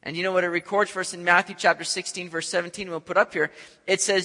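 A man preaching a sermon, animated, acting out scenes and swinging from loud to soft. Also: high-pitched, quick pace. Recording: echoey hall.

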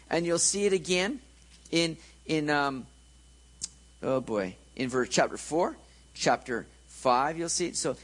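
A man's voice: a little high, lively intonation, measured pace, low-quality recording. A man preaching a conversational sermon, joking and checking in with his listeners.

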